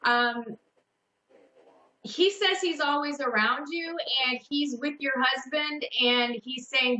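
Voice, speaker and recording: Bright-voiced psychic woman hosting call-in radio. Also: high voice, echoey room, slight background noise, low-quality recording. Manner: slow, hesitant, many fillers and restarts. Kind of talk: psychic reading on a call-in show.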